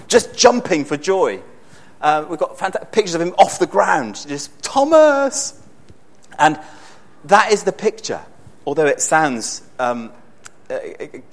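A man preaching a sermon in a conversational, storytelling way with bursts of excitement. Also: a little high.

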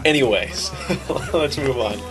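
A man co-hosting a podcast, telling a story in casual chat with an animated, self-deprecating manner. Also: medium pitch, takes it slowly, music in the background. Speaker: podcast co-host.

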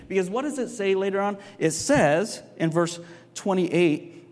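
A man with a somewhat raised voice preaches from a stage, talking casually and often tossing the listeners a quick tag question. His words ring with the long reverb of a large hall. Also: sits high, expressive. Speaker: pastor teaching a Bible class. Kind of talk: conversational sermon.

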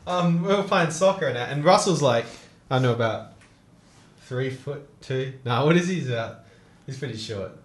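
A man's voice: medium pitch, lively intonation, normal speed, roomy sound. A young man telling stories in casual chat, laughing and swearing often. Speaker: co-host.

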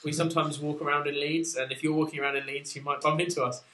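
A man's voice: a little high, flat delivery, fast, sharp tone, reverberant. A man from England co-hosting a casual podcast, chatty and giggly as he plugs the show from a small room at a studio microphone. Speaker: podcast co-host. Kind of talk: casual chat.

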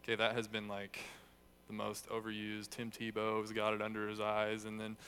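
A man's voice: lowish voice, completely flat delivery, normal speed, bright, forceful tone, slight background noise. A young man giving a casual, conversational sermon, telling stories with self-deprecating humor. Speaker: youth speaker.

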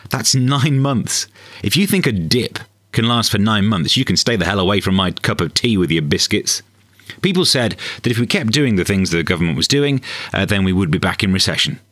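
A man's voice: lowish voice, brisk, dry recording. A man hosting a comedy podcast, delivering a sarcastic scripted monologue. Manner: deadpan, sarcastic.

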